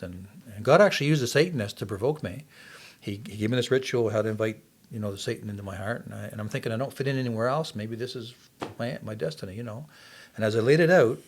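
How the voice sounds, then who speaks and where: An older man from Canada tells his personal testimony in a relaxed interview, speaking earnestly and at a brisk clip. His voice sits somewhat low, and he lets the story carry him along. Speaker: podcast guest.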